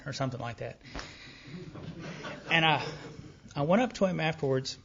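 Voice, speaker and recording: A man telling his recovery story at a meeting, candid and self-deprecating, animated as he acts out remembered dialogue, on a dull lo-fi tape. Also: a little high, normal speed, vocal fry, crowd noise. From Texas. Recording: dull lo-fi tape of a live talk.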